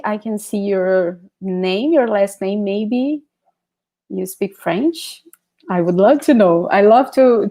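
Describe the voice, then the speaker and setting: A Brazilian woman with a Brazilian Portuguese accent teaches a live online language lesson, speaking slowly and patiently. Her voice is mellow and soft-edged. She repeats each word several times for practice and reads out viewer comments. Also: mid-range voice.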